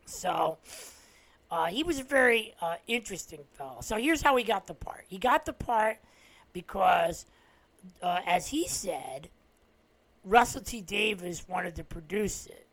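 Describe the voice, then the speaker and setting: A man's voice: high voice, animated, unhurried, fairly bright tone. A man from New Jersey with a New Jersey accent, hosting a solo podcast and retelling stories in a rambling way, with many "uh" fillers and restarts. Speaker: podcast host. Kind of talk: casual solo podcast monologue.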